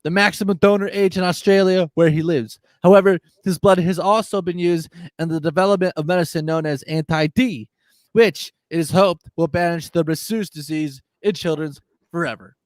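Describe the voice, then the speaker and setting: A man's voice: a little high, moderate pace, no echo. A man co-hosting a casual show, reading a list aloud and laughing often. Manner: reads out a list, laughing a lot. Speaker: co-host.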